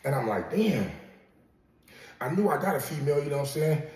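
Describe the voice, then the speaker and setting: Dude telling his own story, streetwise and cussing, bit high voice, sounds far off the mic. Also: big pitch swings, brisk, a little mellow. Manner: profane, streetwise, keeps checking in with "you know what I'm saying". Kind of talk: casual storytelling to an audience. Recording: roomy, distant from the mic.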